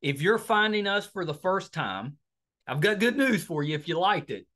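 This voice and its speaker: A middle-aged man with a West Virginian accent, a podcast host talking casually through an outro and a pitch for support, rambling with lots of fillers and restarts. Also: sing-song, normal speed, sharp tone.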